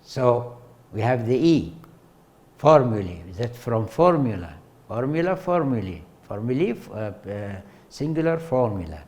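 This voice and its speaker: A man, a native Arabic speaker, lectures in English at an unhurried pace, his pitch rising and falling in a lively way. He speaks in halting stretches, full of fillers and repeated words. He often turns to the class with questions as he teaches. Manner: slow, halting delivery with many fillers and repetitions, asks the class questions. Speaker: university lecturer. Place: lecture hall.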